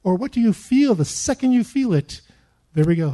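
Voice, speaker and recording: Animated high-voiced man preaching. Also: moderate pace. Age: middle-aged. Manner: animated storytelling with acted-out prayers. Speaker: pastor. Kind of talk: sermon.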